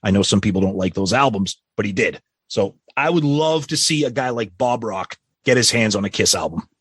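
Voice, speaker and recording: Husky, blunt podcast co-host man. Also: on the low side, lively intonation, a little fast, dry recording. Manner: blunt, profane, reads listener questions. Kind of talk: casual podcast chat.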